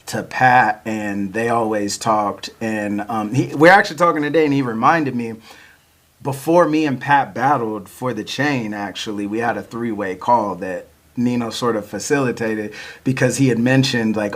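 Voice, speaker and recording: Relaxed male podcast host at mid pitch, chatty storyteller, laughs as he goes. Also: moderate pace. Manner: laid-back, chuckles often, many fillers like "like" and "you know". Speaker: podcast host and battle rapper. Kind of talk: casual storytelling chat.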